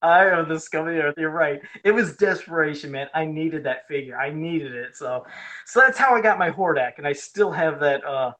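A man in casual podcast chat, telling a nostalgic story with lively swings in pitch. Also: moderate pace, rough recording.

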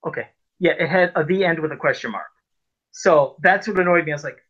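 A man rambles through a comic recap in a casual podcast chat, plainly fed up with the story. His voice is bright and a bit high for a man. The sound is dull and lo-fi. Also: lively intonation, brisk, husky. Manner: exasperated, rambling recap with fillers. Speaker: podcast co-host reviewing comics.

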